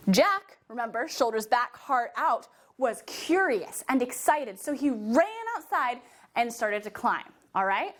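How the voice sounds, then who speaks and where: A young woman teaching a children's movement storytelling class, giving animated, coaxing, sing-song instructions. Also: high-pitched, unhurried. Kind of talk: guided movement storytelling for kids.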